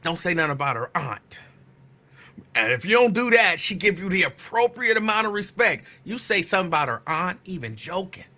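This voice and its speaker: A man hosting a casual live talk show, greeting listeners by name and teasing them playfully with loud, emphatic bursts. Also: high-pitched, sing-song, fairly quick. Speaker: radio host. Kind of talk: casual live-show chat reading listener shout-outs.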